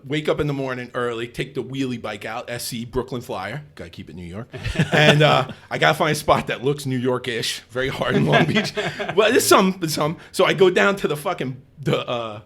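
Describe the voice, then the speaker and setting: A man in his fifties telling stories in a casual chat, animated and swearing, laughing often. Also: medium pitch, moderate pace, hardly any pauses. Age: 50s. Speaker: guest.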